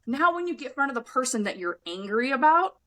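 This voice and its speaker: A woman's voice: high voice, fast, rough recording. Frank, swearing woman podcast host. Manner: frank, swears freely, emphatic; acts out other people's lines in lively voices. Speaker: podcast host and anger coach. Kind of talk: casual conversational podcast talk.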